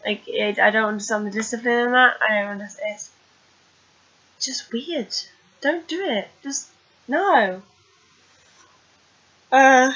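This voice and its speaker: A woman with a bright, fairly high voice talks loosely through a TV recap, full of ums and asides. The recording sounds dull and lo-fi. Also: unhurried, pauses often. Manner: chatty, rambling, many fillers. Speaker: TV recap vlogger. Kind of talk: casual recap chat.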